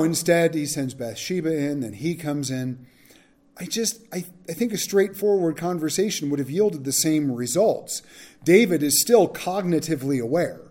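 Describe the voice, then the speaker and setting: A man's voice: on the high side, expressive, moderate pace, mellow. A man teaching a Bible study, reading verses and adding casual, frank asides.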